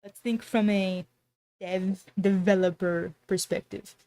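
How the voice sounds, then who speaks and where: A woman talks loosely to her stream in a mid-pitched voice. She is sarcastic and rambling, often breaking off a sentence to start it again. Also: fairly even intonation, takes it slowly, mellow. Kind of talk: casual livestream chat.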